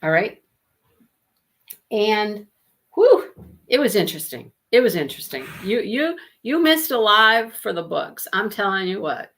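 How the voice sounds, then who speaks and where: A woman's voice: medium pitch, very animated, measured pace, fairly bright tone. A woman hosting a live book discussion, chatting casually, telling stories and laughing often as she reads out viewer comments. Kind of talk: casual chat on a livestream.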